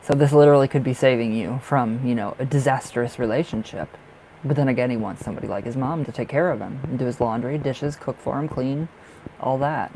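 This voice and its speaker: A man doing a live tarot reading for viewers, his voice rough with a gravelly edge. He rambles and circles back on himself, leans on fillers, and speaks bluntly, swearing freely. A faint hiss sits under the voice. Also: mid-range voice, a little fast, warm tone, low-quality recording. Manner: rambling, emphatic, heavy on fillers. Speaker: tarot reader.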